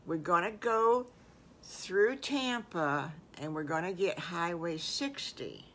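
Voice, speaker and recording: Mother pig, motherly, bustling, bright tone, read by an older woman. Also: lowish voice, slow, a little hiss or hum. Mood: cheerful. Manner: bustling, instructing.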